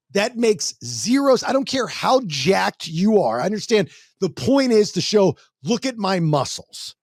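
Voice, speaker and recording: Blunt, animated male podcast host. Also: high-pitched, breathy edge, dry recording, studio quality. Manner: blunt, animated storytelling with mock voices. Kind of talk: casual chat.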